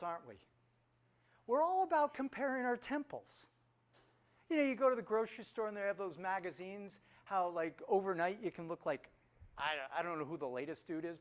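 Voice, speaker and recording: An animated male preacher with a fairly high voice delivers a sermon full of emphasis. He hammers home his key phrases by repeating them, swinging between loud bursts and hushed, quiet asides. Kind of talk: lively sermon. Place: church service on Kauai.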